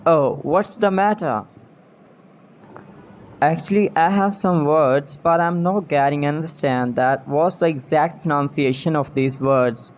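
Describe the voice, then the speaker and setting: A man acting out a scripted English lesson dialogue, drilling pronunciation slowly and deliberately, one word at a time with repetitions. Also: on the high side, slight background noise. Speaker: pronunciation teacher.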